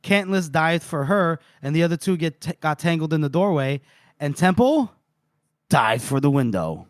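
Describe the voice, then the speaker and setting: A man's voice: on the high side, moderate pace, dry recording, clean studio sound. A man co-hosting a podcast who recaps a novel in casual talk, reading out and acting the quotes with relish. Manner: animated retelling, reading out and voicing quotes. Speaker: podcast co-host. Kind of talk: casual book-recap chat.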